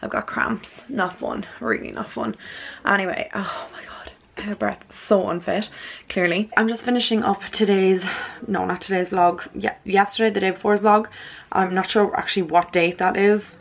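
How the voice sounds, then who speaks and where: A woman's voice: mid-range voice, steady tone, normal speed, vocal fry. A woman chatting casually in a vlog from a spare room at home, rambling and dropping into whispered asides. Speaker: beauty vlogger.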